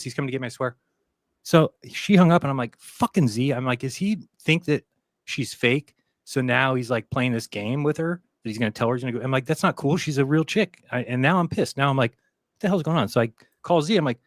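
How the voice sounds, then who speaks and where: A man's voice: mid-range voice, brisk, no echo, studio quality. A man in casual conversation, telling a rambling story, acting out the quoted lines and swearing freely. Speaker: podcast guest.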